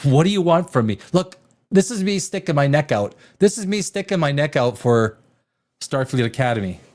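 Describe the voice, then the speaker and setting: A man's voice: a little high, sing-song, normal speed, darkish tone. A man hosting a casual live-stream TV review, rambling and exasperated, with sarcastic asides. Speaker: TV show reviewer, host.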